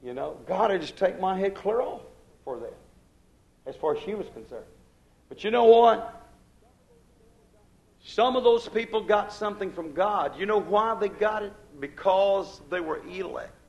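A man's voice: high voice, moderate pace, pauses often, a little mellow, highs cut off. An older man preaching a sermon, emphatic, with a rising and falling preaching cadence.

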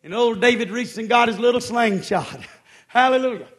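A male preacher delivering a fervent sermon, shouting and drawing out his exclamations. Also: very high voice, normal speed.

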